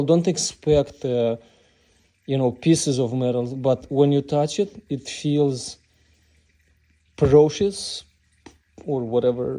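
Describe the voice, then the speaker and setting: Slow, mellow-voiced man fixing his car. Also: mid-range voice. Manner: chatty, exclaims at what he finds, addresses viewers as guys; mentions having a non-native accent. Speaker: DIY car repair vlogger. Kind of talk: casual how-to narration while working. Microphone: phone recording nearby.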